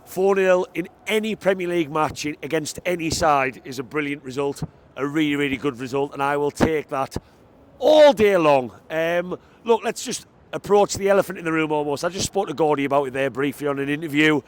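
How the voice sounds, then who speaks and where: This man's pitch is fairly high and his pace a little quick. He's vlogging his post-match fan reaction outdoors by a football stadium, holding a microphone and talking in an eager, emphatic, chatty manner.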